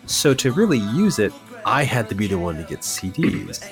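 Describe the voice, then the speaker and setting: A middle-aged man co-hosting a podcast, chatting casually and asking quick follow-up questions. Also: fairly low pitch, sing-song, music in the background. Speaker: podcast co-host. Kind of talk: casual chat.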